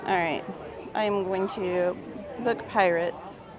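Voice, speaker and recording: A woman's voice: lowish voice, fairly even intonation, takes it slowly. A woman live-streaming from a theme park, chatting casually and reading viewer comments aloud. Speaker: livestream vlogger. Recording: busy crowd noise outdoors. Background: park crowd noise.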